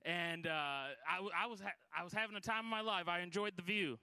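A man's voice: high voice, fairly quick, sharp tone, smooth, dry recording. A middle-aged man from Michigan preaching as a guest at a Pentecostal church, telling a folksy, self-deprecating story with many restarts. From Michigan, USA. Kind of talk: Pentecostal sermon with personal story.

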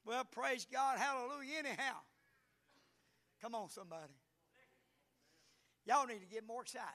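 A middle-aged man with a Southern US accent preaching a fervent Pentecostal sermon, with sudden loud exclamations. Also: very high-pitched, lively intonation, moderate pace, pauses often. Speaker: pastor.

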